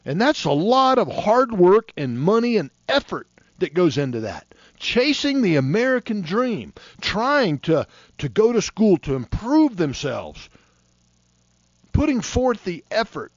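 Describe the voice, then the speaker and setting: A man's voice: high-pitched, big pitch swings, a little slow, no room sound. Impassioned preacher man in his fifties. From Florida. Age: 50s. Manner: impassioned, folksy, heated. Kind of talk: fiery sermon. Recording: dull, dry lo-fi recording.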